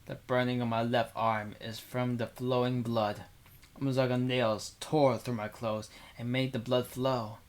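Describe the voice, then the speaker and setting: Young guy reading a game script out loud on a desk mic, chatty side comments, mid pitch. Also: level tone, measured pace. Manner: casual, rambling asides with fillers. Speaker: streamer reading a visual novel. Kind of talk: reading game text aloud with casual asides. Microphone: desk microphone.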